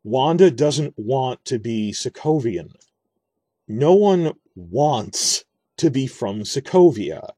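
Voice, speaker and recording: A man's voice: mid-range voice, lively intonation, slow, mellow, slightly rough, no room sound, clean studio sound. A man giving earnest, rambling spoken commentary on a TV series, often restarting and correcting himself. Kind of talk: casual video commentary on a TV series.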